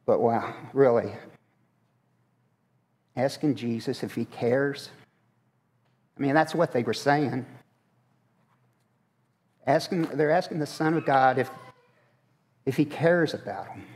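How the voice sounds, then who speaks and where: A man's voice: mid-range voice, slow pace, long pauses, a little mellow. A man preaching a conversational sermon in a church, asking the congregation questions as he goes. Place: church sanctuary. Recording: long hall reverb.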